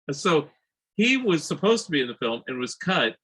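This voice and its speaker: Podcast host, male, husky bright tone, loose anecdotal delivery. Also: a little high, sing-song, normal speed, low-quality recording. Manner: rambling anecdotal, laughs between phrases. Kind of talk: casual storytelling chat.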